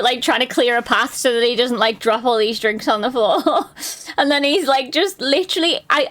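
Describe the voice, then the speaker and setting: A woman chatting casually on a live stream, telling stories in a lively way and swearing and laughing often. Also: high voice.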